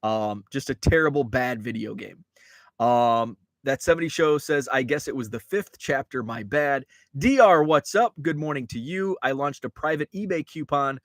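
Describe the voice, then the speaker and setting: A man's voice: mid-range voice, normal speed, no echo. Chatty man hosting a live hobby show. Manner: rambling, chatty, many fillers and restarts. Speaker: podcast host reading live chat. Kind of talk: casual live-stream chat.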